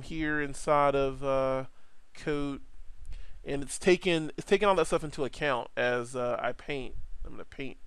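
A man giving a casual 3D art software tutorial, playful and rambling, with jokey asides. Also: medium pitch, clear, resonant tone, dry recording.

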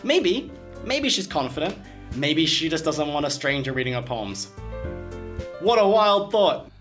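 A young man streaming a game, reacting with animated, sarcastic, slangy comments and frequent laughter. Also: on the high side, unhurried, faint music behind. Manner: laughs often. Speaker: gaming streamer. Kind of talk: let's play commentary.

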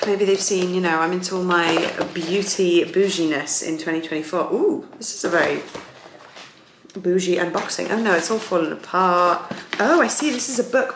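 A woman's voice: mid-range voice, moderate pace. A young woman chatting casually to camera as a vlogger, bubbly with lots of fillers. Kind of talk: casual chat. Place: home, indoors and out walking. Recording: roomy echo, faint noise.

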